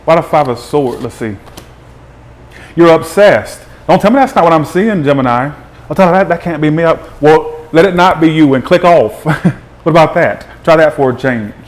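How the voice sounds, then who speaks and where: Animated man giving a tarot reading. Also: a little high, normal speed. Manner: animated, chatty, greets viewers by name. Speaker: tarot reader.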